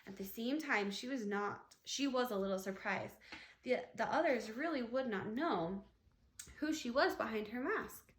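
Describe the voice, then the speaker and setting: A woman teacher reads a children's chapter book aloud, telling it with lively expression. Her voice sits fairly high, and the room adds a noticeable echo. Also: measured pace. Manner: expressive storytelling. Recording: echoey room.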